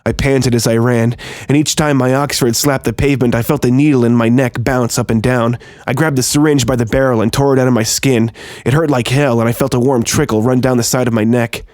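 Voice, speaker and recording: A man narrating a first-person horror story in a tense, steady storytelling manner. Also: mid-range voice, a little fast, no room sound, clean studio sound.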